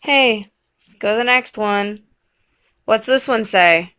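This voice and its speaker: A mother reading a picture book with her small child, coaxing and gently teasing. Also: medium pitch, takes it slowly, smooth.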